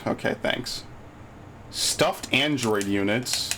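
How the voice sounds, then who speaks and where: Over slight background noise, a man with a medium-pitched, somewhat bright voice speaks at a moderate pace in an animated way. He's streaming a game live and commenting throughout, swearing liberally and griping with sarcasm about how unlucky he is, quick to get frustrated.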